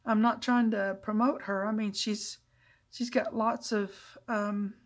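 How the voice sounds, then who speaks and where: A woman's voice: mid-range voice, fairly even intonation, measured pace. A middle-aged woman hosting a casual crafting tutorial, chatty and self-deprecating, with frequent asides as she works. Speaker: papercraft channel host.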